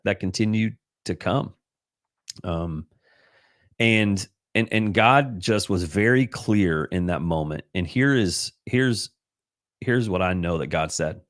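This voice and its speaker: A man's voice: low voice, slow, no echo, clean studio sound. A middle-aged man hosting a casual devotional livestream, talking in an earnest, emotional way with many restarts and fillers. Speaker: livestream host. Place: home livestream. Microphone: computer livestream mic.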